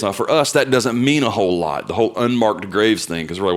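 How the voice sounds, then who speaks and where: A young man preaching a sermon, telling stories with loud bursts and quiet asides. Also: medium pitch, lively intonation, fairly quick, few pauses. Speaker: pastor.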